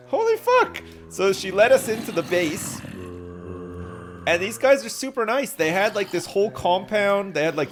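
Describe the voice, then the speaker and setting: A man streaming a game live, chatting casually with viewers, joking, swearing and telling stories with animated energy. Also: mid-range voice, background noise. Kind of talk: casual live-stream chat while gaming.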